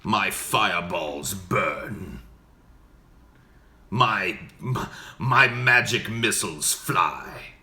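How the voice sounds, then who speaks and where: A man voicing a dark male archmage consumed by magic, who makes slow, booming, dramatic proclamations. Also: expressive, echoey room, full character voice. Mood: menacing.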